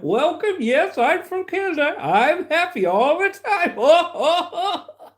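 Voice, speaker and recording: A man doing a very high, cheery put-on voice of an always-happy man who laughs ho ho. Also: sing-song, unhurried, exaggerated voice. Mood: jolly.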